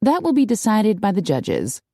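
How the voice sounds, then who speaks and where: A woman voicing a brisk young TV host. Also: mid-range voice, huge pitch swings, warm tone, no echo, clean studio sound, pitched above the performer's own voice. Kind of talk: audiobook character voice.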